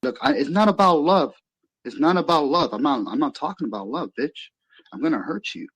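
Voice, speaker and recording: A man's voice: on the high side, lively intonation, fairly quick, vocal fry, fairly bright tone, slightly rough, full character voice, rough recording. A man voicing a sulky, vengeful rival man who makes profane, sneering threats. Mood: menacing.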